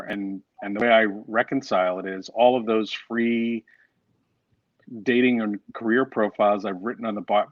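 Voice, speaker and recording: Guest author: low-voiced man, chatty and self-deprecating, on a dry, muffled video call. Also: dry recording. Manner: storytelling, self-deprecating, restarts often. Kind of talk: casual interview chat.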